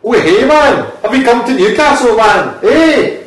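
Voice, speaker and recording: A man putting on a loud, exaggerated Geordie man's voice, squeaky and over the top. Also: sing-song, measured pace, heavy reverb, far from the mic, heavily acted, low-quality recording. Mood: rowdy.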